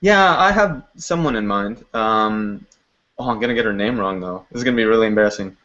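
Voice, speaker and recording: A man's voice: lowish voice, animated, fairly quick, fairly bright tone. A man who makes a web series, talking in a video call interview in an upbeat, chatty way with lots of fillers. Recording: dull lo-fi call audio.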